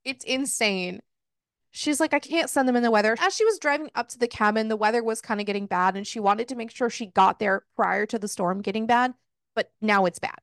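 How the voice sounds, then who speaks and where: A woman with a fairly high voice speaks a little fast in a dry recording, co-hosting a casual podcast where she retells a book's plot. Her telling is animated, heavy on profanity, and full of laughs.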